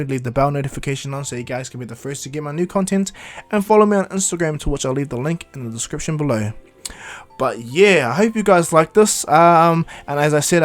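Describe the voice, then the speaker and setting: A man casually retelling a fan-made anime story on his channel, rambling with restarts. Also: a little high. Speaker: YouTube storyteller.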